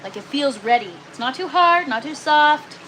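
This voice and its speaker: A woman's voice: sits high, animated, moderate pace, fairly bright tone, a little hiss or hum, poor audio. A woman hosting a casual gardening live stream from an indoor grow tent, chatting with viewers and using lots of ums and "you guys.".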